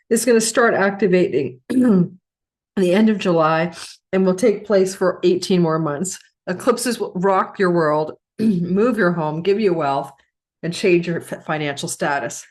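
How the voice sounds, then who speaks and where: A middle-aged woman astrologer giving a chatty forecast, clearing her throat often and coughing, correcting herself as she goes. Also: lowish voice, darkish tone. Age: middle-aged or older.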